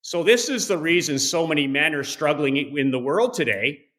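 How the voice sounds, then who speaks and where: A man's voice: fairly high pitch, lively intonation, normal speed, a bit bright. A man in his forties, a podcast guest telling motivational stories in a blunt, emphatic way, swearing freely. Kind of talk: motivational storytelling.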